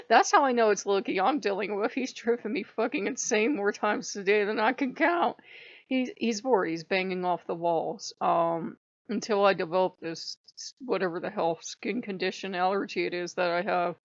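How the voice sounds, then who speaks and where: Woman, vlog host, rambling, profane, gravelly, dry lo-fi sound. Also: medium pitch, expressive, moderate pace, no room sound. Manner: rambling, profane, laughs often. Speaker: spiritual channel host. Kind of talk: casual vlog monologue. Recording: dull lo-fi, dry.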